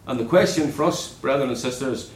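A man preaching a sermon in an earnest way, dropping low and soft on key words. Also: a little fast, roomy sound, slight background noise, low-quality recording.

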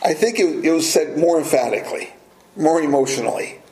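Guy preaching, chatty, asks the crowd stuff, mellow voice kinda high, echoey room. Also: expressive, a little fast. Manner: conversational, asks the listeners questions. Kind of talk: sermon.

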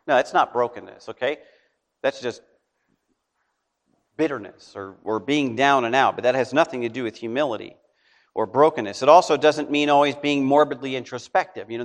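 A man's voice: mid-range voice, moderate pace. Man preaching in a reverberant hall. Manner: conversational preaching with frequent "okay?" check-ins. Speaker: pastor. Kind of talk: sermon.

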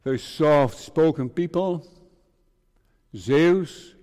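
A man's voice: mid-range voice, unhurried, long pauses, warm tone. A man, preaching a farewell sermon as a pastor, earnest and repeating phrases for emphasis. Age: 60s. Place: church sanctuary. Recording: long church reverb.

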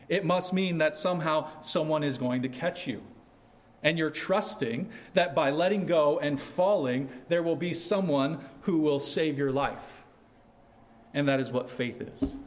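A man preaching a sermon in a slow, earnest way, rising sharply on his questions. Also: on the high side.

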